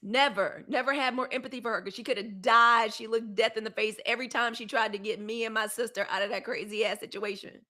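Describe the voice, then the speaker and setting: Woman ranting on her live news show, keeps repeating herself for emphasis, bright sharp voice. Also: fairly high pitch, fairly even intonation, fast talker, few pauses. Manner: fiery and emphatic, with repeated phrases and AAVE slang. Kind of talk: impassioned livestream commentary.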